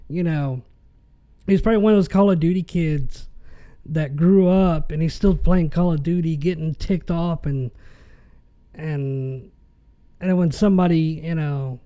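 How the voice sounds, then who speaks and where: A man's voice: on the high side, dark tone. A man hosting a podcast, ranting in an exasperated, casual way. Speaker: podcast host.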